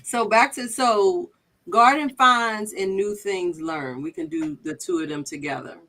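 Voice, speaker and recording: A woman's voice: mid-range voice, unhurried, pushed and bright. A woman co-hosting a garden chat, moving the talk along to the next topic.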